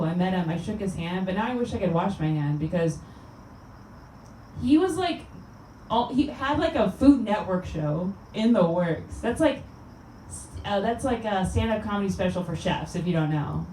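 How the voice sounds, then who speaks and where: A woman's voice: medium pitch, normal speed, warm tone, a little hiss or hum. A woman comedian doing a stand-up set in a small venue, with a chatty, rambling delivery full of fillers. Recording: roomy sound from a distant mic.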